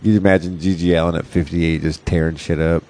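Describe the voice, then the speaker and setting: A man's voice: deep voice, little pitch movement, quick pace, darkish tone. A man hosting a casual comedy podcast, crude and joking, laughing often as he talks. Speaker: podcast host and stand-up comic.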